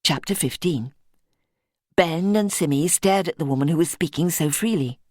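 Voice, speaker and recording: A woman narrating a mystery novel in a measured, even read. Her voice sits low, and the studio recording is close and completely dry. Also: dry recording. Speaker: audiobook narrator. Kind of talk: scripted narration.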